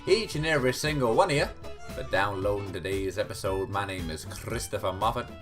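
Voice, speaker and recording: A man's voice: lowish voice, expressive, brisk, music in the background, natural voice. A man putting on a grandiose showman host. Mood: showy. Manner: grandiose, over-the-top welcome. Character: man hamming up a showy host accent.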